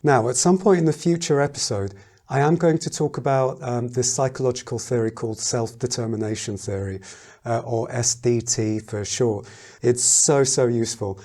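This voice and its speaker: A man teaching a piano lesson in a casual, thoughtful way, pausing often and humming rhythms aloud. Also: mid-range voice. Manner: thoughtful, hesitant, sings and counts rhythms aloud. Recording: loud piano playing behind the voice.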